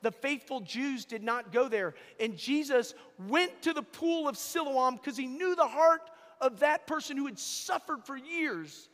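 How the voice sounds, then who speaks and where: Male priest, sermon, very high voice, emphatic, repeats phrases, church echo. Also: expressive, a little slow, few pauses, a bit bright. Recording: long echo of a church hall.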